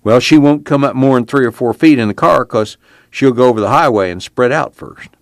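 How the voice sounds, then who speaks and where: A man's voice: medium pitch, fairly quick, no room sound, studio quality, voice pushed up, close to an everyday voice. A man voicing a blunt, practical young man in an audiobook reading. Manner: curt, matter-of-fact.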